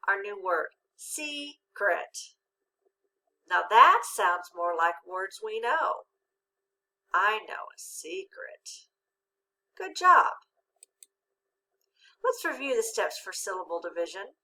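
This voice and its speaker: A woman teaches a children's phonics lesson in a bright, clear voice at a middle pitch. She talks slowly and patiently, asks questions and pauses to let the children answer. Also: rough recording.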